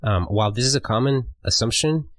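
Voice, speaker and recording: A man co-hosting a podcast in casual chat, relaxed and rambling, laughing often. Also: medium pitch, fairly quick, dry recording. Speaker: podcast co-host.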